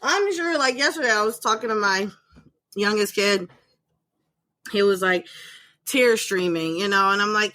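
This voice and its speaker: A woman's voice: mid-range voice, moderate pace, long pauses, pushed and bright, no room sound. A middle-aged woman hosting a podcast, chatting casually in a talkative, rambling way. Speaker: podcast host. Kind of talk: casual chat.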